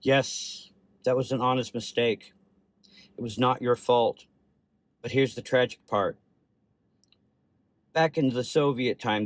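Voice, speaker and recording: A man voicing an older Russian doctor with a Russian accent, speaking slowly and gently. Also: mid-range voice, no room sound, lightly acted. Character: older male Russian doctor, kind, sad.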